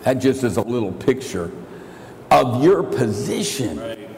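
A man's voice: medium pitch, big pitch swings, measured pace. Older male preacher in an echoey hall. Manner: preaching that swings between shouted declarations and quiet confiding asides. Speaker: pastor. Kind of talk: evangelical sermon.

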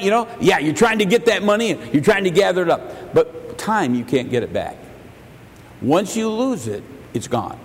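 A male pastor preaching a sermon. He stumbles over repeated words and swings between loud and soft. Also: on the high side, in a large hall. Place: church sanctuary.

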